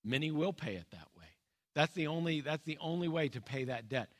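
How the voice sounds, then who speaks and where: A man preaching a sermon, earnest and plain-spoken, with pauses, restarts and his voice dropping low and soft on key points. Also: lively intonation. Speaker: pastor.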